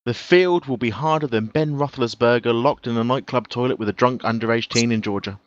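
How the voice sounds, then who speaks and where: A man on a fan panel show delivering joke punchlines in a deadpan way. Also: medium pitch, brisk, dull audio, heavy background noise. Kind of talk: casual comedic banter.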